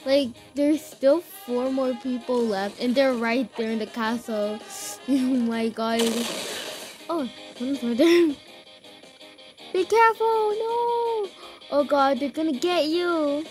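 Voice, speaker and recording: A woman giving casual, excitable commentary while playing a game, gasping, giggling and squealing when scared. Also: sits high, slow, faint music behind. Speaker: gamer recording her play.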